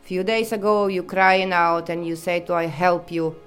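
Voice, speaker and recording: A woman from Europe, telling her own story in halting, English. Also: on the low side, steady tone, faint music behind. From Eastern Europe. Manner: halting non-native English, vivid storytelling. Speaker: interviewee. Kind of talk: personal testimony.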